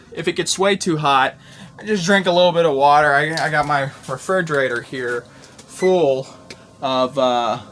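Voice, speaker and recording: A man's voice: fairly high pitch, a little hiss or hum. A man from Tennessee chatting casually in a rambling vlog, talking from inside a converted bus. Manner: rambling, restarts, relaxed and chatty. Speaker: vlogger.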